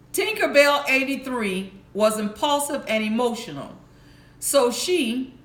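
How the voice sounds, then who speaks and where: Slow-reading woman telling a bedtime story. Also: a little high, fairly bright tone. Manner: slow, careful reading with small restarts. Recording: echoey room.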